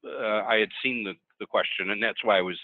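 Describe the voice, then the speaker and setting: A man speaking as a webinar panelist, telling stories in an animated, conversational way over tinny call audio. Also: fairly low pitch, fairly quick, no echo. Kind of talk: webinar storytelling.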